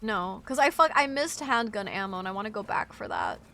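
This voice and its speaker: A young woman from Wisconsin chatting on a live gaming stream, sick and sleepy, scattered and chatty with sudden loud outbursts. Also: medium pitch, huge pitch swings, fairly quick, creaky, a little hiss or hum. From Wisconsin, USA. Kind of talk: casual live-stream chat while gaming.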